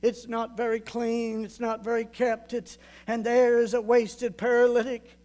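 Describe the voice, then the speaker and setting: A man's voice: very high voice, completely flat delivery, unhurried, darkish tone. A male preacher delivering a storytelling sermon, vividly retelling a scripture story and asking the congregation rhetorical questions.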